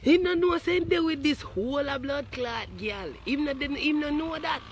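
A man with a Jamaican accent telling a profane comic story as an animated, swearing rant. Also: very high voice, moderate pace, a little hiss or hum. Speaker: comedic storyteller.

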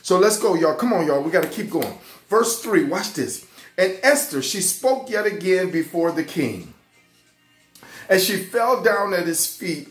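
A man teaching an excited Bible lesson to children, fervent and repeating his phrases. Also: high voice, echoey room. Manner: fervent, repeats phrases, keeps saying "watch this" and "y'all".

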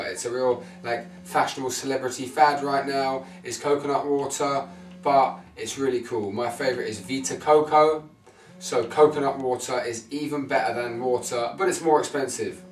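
A man giving blunt, swearing skin care advice to camera, often checking in with "right?" and "okay?". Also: mid-range voice. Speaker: men's fashion vlogger. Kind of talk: casual direct-to-camera advice. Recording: echoey room, mic at a distance.

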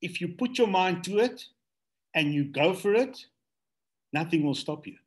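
A man's voice: sits high, animated, a little slow. A man hosting a video call, thanking the guest effusively and addressing the audience. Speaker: host. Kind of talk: casual hosting.

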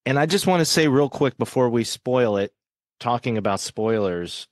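A man's voice: mid-range voice, animated, moderate pace, no echo, clean studio sound. A man hosting a podcast in casual chat, friendly and joking with his co-host.

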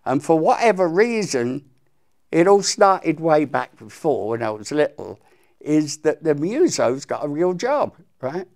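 A man's voice: a little high, a little slow, gravelly. An older man from England telling stories from his career as a musician in an interview, acting out the quotes. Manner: animated storyteller, acts out quotes. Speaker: guest musician. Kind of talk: storytelling interview.

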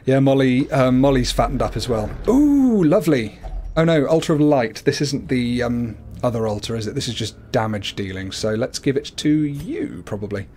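A man's voice: moderate pace, a little mellow, a little hiss or hum. A man casually commenting on a game he is livestreaming, chatty and playful. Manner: chatty, playful, often slips into a high cooing voice for his cat. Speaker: gaming livestreamer.

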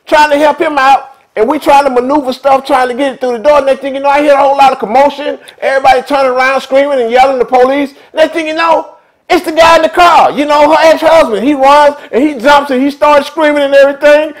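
A man's voice: very high voice, steady tone, fast talker, low-quality recording. A man who hosts a vlog, telling stories in chatty, streetwise commentary. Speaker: vlog host. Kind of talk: casual storytelling commentary.

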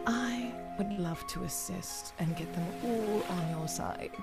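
A woman's voice: fairly high pitch, expressive, measured pace, over loud music, voice pushed up. A woman voicing a theatrical female necromancer who plays the weeping damsel, melodramatic and flirtatious. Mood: scheming.

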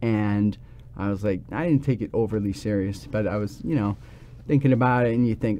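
A man, a podcast guest, telling a personal story in lively fashion and acting out the voices he quotes. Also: medium pitch, brisk, dull audio, a little hiss or hum.

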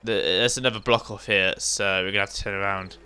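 A man's voice: lowish voice, fairly even intonation, fast talker, sharp tone, slight background noise. A man chatting casually while playing a game, cracking jokes, swearing freely and laughing a lot, on a headset mic. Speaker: let's play co-host. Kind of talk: casual gaming banter.

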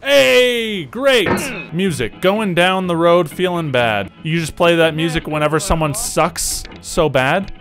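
A man doing let's play commentary, exaggerated and sarcastic, breaking into loud yells. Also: on the high side, expressive, slow, few pauses, over music. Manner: exaggerated, sarcastic, bursts into yelling. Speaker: gaming YouTuber.

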